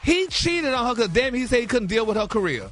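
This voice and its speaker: Sassy bright-voiced man dishing gossip. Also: very high voice, very animated, fairly quick, faint music behind. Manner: sassy, indignant, says "honey" and "y'all" a lot. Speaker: celebrity gossip segment host. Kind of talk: animated gossip chat.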